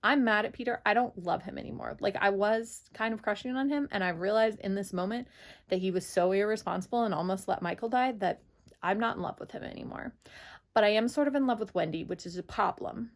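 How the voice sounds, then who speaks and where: A woman's voice: medium pitch, a little fast, natural voice. Tinkerbell, fretful fairy, as a woman puts her on. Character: fretful young female fairy, loyal but exasperated.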